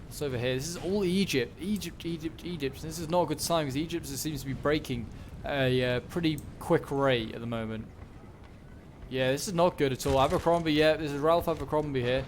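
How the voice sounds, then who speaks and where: This male gaming commentator talks slightly fast in a slightly high voice as he casually works through a video game battle aloud, full of fillers and self-corrections. Loud gunshots and game battle audio play under his voice, adding slight background noise.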